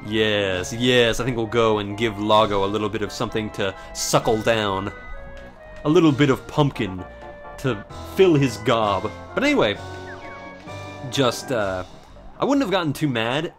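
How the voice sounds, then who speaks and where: Over soft background music, a young man with a medium-pitched, very animated voice talks at normal speed while playing a video game. His casual let's play commentary wanders into a sarcastic work story, with plenty of free swearing.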